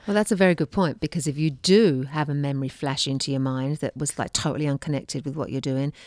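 A woman's voice: sits low, fairly even intonation, quick pace, a little mellow, no room sound, studio quality. A woman co-hosting a podcast, chatting in an earnest, encouraging way. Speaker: podcast co-host. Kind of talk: casual chat. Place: studio.

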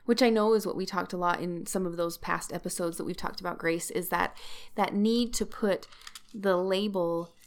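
A woman's voice: fairly low pitch, fairly even intonation, moderate pace. Thoughtful woman co-hosting a podcast. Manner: thoughtful, hedging, thinks aloud. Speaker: podcast co-host. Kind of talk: conversational scripture discussion.

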